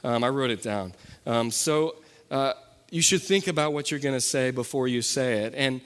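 A young man preaching a sermon as pastor, talking in a loose, conversational way with fillers and quick self-corrections. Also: medium pitch. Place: church sanctuary. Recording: long reverb from a hall.

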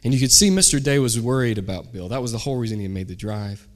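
A man in the pulpit, preaching with a storyteller's flair. His voice sits at a middle pitch, and he leans into the characters in his tale, sometimes raising his voice to act out a shout. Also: quick pace. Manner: animated storyteller, acts out shouted quotes. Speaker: pastor. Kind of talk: sermon storytelling.

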